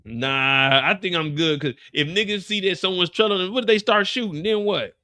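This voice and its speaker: A man's voice: high voice, moderate pace, clean tone. A man hosting a live after show, recapping an episode casually and acting out the characters' lines as he goes. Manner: animated storyteller, acts out characters' lines.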